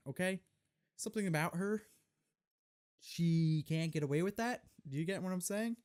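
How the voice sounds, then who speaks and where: A young man hosting his own podcast, telling a story in a profane, exasperated, animated rant. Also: high voice. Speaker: podcast host. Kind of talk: solo comedic storytelling rant.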